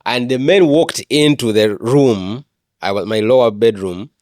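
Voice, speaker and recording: A man's voice: medium pitch, a little slow, a little mellow, dry recording, studio quality. A man, an evangelist telling his personal testimony in an interview, earnest and often repeating words and restarting.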